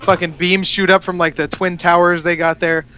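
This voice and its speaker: A man with a high, bright and crisp voice talks in a loose, casual way. He recaps a story in long rambling runs, full of swearing and fillers. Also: little pitch movement, moderate pace. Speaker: podcast co-host. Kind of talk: casual chat.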